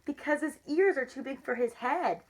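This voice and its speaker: A woman's voice: high voice, moderate pace, lightly acted. Storybook kitten sister, teasing, woman reading. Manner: teasing, tattling. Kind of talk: storybook read-aloud.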